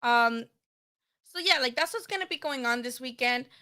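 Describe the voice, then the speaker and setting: Bright-voiced woman hosting a boxing stream. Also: high voice, animated, normal speed. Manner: chatty, frank, swears casually, many fillers and restarts. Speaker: boxing livestream host. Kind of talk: casual live-stream commentary.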